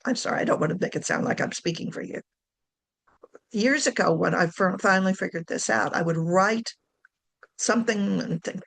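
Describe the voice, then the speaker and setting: A woman's voice: on the low side, normal speed, gravelly, a bit bright. A woman giving a casual talk on writing to camera, chatty, correcting herself and laughing often. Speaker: writing coach.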